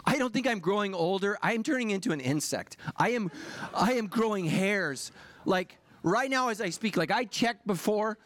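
A man's voice: sits high, expressive, normal speed, a bit bright. A middle-aged man, a pastor, preaching a sermon in a confessional, self-deprecating way that builds to impassioned preaching.

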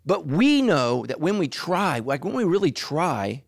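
A middle-aged man preaching a sermon as pastor, animated, who leaps into high mocking voices for asides. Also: unhurried, gravelly, hardly any pauses, no room sound, studio quality.

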